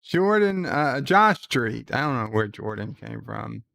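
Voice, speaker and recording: A man's voice: medium pitch, sing-song, measured pace, gravelly, fairly bright tone, dry recording. A man casually recapping a TV episode in a conversational way and retelling its scenes. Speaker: show commentator.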